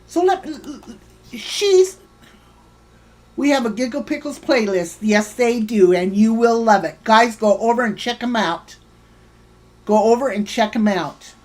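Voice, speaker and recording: A woman hosting a livestream goes on a heated, swearing rant, repeatedly breaking off to thank and greet chat viewers by name. Her voice sits a little high, animated yet unhurried, with a darkish tone.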